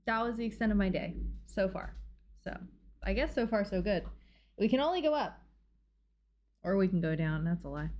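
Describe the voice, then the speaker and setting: A woman's voice: mid-range voice, a little mellow. A woman livestreaming from her home, chatting casually with her viewers in a bubbly, talkative way and laughing often. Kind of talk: casual chat with live viewers.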